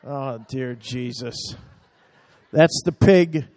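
A man's voice: medium pitch, very slow, a little mellow, no echo. A man talking a church through slides from a mission trip, chatty and emotional, telling the operator to move on.

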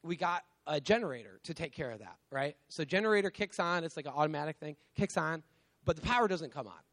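A man with a high, light voice preaching in a loose, conversational way. He keeps tossing in "like" and "right?" and laughs at himself as he goes. He sounds like a young father in his thirties talking straight to his congregation. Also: lively intonation, fast, fairly bright tone. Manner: conversational, lots of "like" and "right?", self-mocking laughs. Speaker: guest preacher. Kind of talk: casual sermon.

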